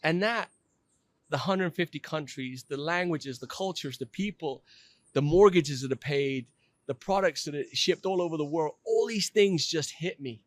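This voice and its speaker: A man's voice: fairly high pitch, expressive, normal speed, no room sound. A middle-aged man telling his own story in a podcast interview, candid and self-deprecating, often restarting his sentences.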